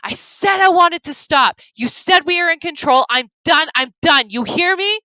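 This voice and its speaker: A woman reading the lines of a desperate young man who speaks urgently, shouting and then soothing. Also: medium pitch, unhurried, clear, resonant tone, dry recording, rough recording. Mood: frantic.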